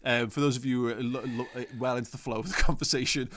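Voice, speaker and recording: A man's voice: mid-range voice, fairly even intonation, fast talker, background noise. Rambling, sweary male co-host. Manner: rambling, sweary, self-interrupting. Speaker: podcast co-host. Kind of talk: casual chat.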